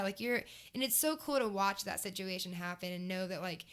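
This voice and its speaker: A young woman, a country singer, chatting as a guest and telling lively stories with acted-out quotes. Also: mid-range voice, a little fast. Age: young adult. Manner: enthusiastic storyteller, acts out quotes. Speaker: guest, country music artist. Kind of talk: casual interview chat. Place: race shop.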